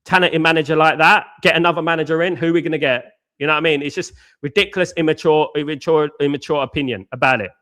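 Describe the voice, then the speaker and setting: A man's voice: a little high, fairly even intonation, fast, a bit bright. A man hosting a live fan show, answering chat in casual slangy banter and firing off combative rhetorical questions. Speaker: host.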